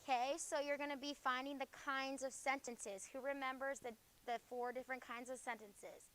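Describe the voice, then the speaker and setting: A woman teaching a junior high grammar review in a classroom, firing quick questions at the class and ending points with "okay?". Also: fairly even intonation, a bit bright, poor audio.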